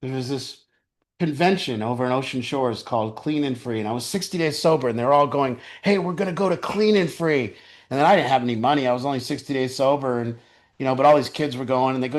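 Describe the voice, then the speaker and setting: A middle-aged man leading a recovery group, telling candid stories with crude humor and laughter. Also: medium pitch. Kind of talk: group sharing talk.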